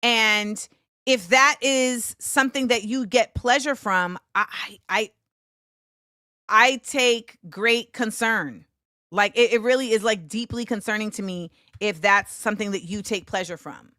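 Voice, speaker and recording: A woman's voice: medium pitch, a little slow, sharp tone, dry recording, studio quality. A woman in her forties hosting a show, giving casual solo commentary in a conversational, emphatic way with frequent fillers. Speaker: host.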